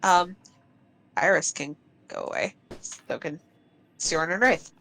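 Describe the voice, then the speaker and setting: A woman's voice: deep voice, very animated, slow, vocal fry, a bit bright, rough recording. A woman running a tabletop game as game master, breezy and joking.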